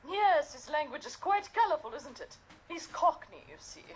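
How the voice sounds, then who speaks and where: An actress playing a prim, formal older widow who runs the manor, speaking in a video game. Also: female voice, high voice, sing-song, normal speed, a little hiss or hum. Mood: amused. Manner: formal, scolding, sometimes wistful.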